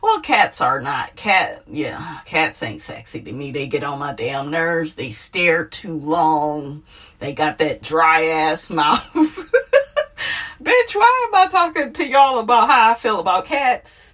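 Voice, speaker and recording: Speaking slowly in a low-pitched voice, this woman dishes celebrity gossip with sass and energy. She laughs a lot and addresses viewers as honey in her casual commentary.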